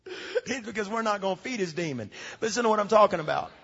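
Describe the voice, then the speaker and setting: A pastor preaching a sermon, moving from quiet storytelling to emphatic shouts. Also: male voice, high voice, lively intonation, fast talker, breathy edge. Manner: emphatic preaching that swings from soft asides to shouts. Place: large church hall. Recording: dull lo-fi recording with long hall reverb.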